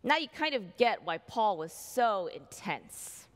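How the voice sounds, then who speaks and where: A woman pastor delivering a sermon, slow and emphatic, with dramatic pauses, recorded in a church sanctuary. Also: medium pitch, big pitch swings. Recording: long hall reverb.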